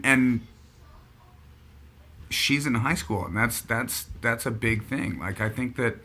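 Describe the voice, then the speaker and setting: A man's voice: mid-range voice, bright, forceful tone. A man hosting a casual chat show, rambling and thinking aloud as he talks. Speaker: podcast host.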